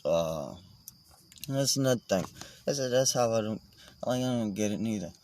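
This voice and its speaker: A man's voice: lowish voice, animated, moderate pace, a little mellow, slight background noise. A man vlogging in a casual, meandering monologue, swearing and joking as he goes.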